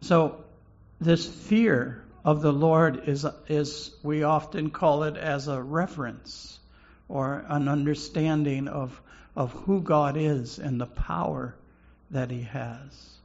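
Slow gravelly-voiced male preacher. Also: a little high, fairly even intonation, highs cut off. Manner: slow, halting, repeats words while preaching. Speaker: pastor. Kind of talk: sermon.

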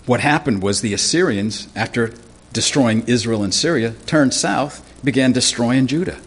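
A man preaching a sermon, reading scripture verse by verse and explaining it in a casual, conversational way, clearing his throat now and then. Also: mid-range voice, moderate pace. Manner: teaching through scripture verse by verse, conversational asides.

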